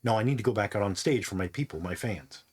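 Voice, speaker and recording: Guy doing a worried celeb, hushed and urgent, asking for protection. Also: on the low side, expressive, quick pace, husky, voice pushed down. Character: anxious male celebrity entertainer pleading for protection.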